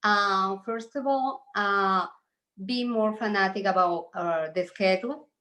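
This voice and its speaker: A woman insurance agent with a Spanish accent, talking haltingly and laughing often on a video call. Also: medium pitch, pushed and bright.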